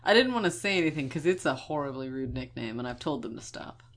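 Low-voiced young woman podcast co-host. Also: expressive, fast talker. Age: young adult. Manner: joking, laughs often. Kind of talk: casual chat.

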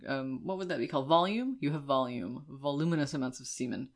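A woman co-hosting a podcast, chatting casually in a deadpan, rambling, joking way. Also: very deep voice, fast talker. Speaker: podcast co-host. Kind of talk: casual chat.

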